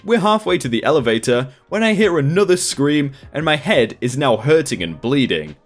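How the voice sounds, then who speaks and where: A man hosting a storytime channel, reading online stories aloud in a lively, expressive scripted narration. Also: a little high, moderate pace, faint music behind.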